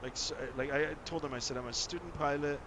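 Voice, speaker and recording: A man's voice: on the high side, fairly even intonation, fast talker. Chatty flight sim streamer guy, noisy background. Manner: rambling, filler-heavy, friendly chatter. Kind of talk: casual live-stream chat.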